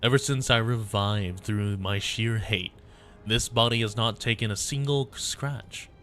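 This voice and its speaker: A man voicing a slow, cold, vengeful woman warlord. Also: lowish voice, fairly bright tone, faint music behind. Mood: menacing. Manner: slow, menacing and bitter.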